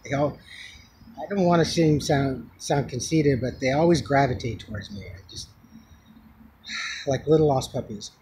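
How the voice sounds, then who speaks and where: A man vlogging outdoors, telling a story in a rambling, halting way with many restarts. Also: medium pitch, warm tone, a little hiss or hum. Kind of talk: casual storytelling vlog. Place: outdoors on the street.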